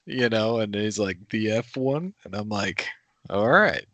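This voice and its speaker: A man co-hosting a casual podcast, telling a family story in animated fashion and acting out the voices of the people in it. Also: on the low side, slow pace, dry recording, dull audio. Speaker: podcast co-host. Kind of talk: casual chat.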